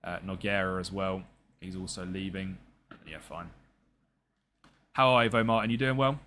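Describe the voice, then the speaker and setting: A man's voice: sits low, fairly even intonation, moderate pace, a bit bright. A young man streaming a football management game, chatting casually and jokily with his viewers as he plays. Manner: chatty and jokey, talks to chat and game players.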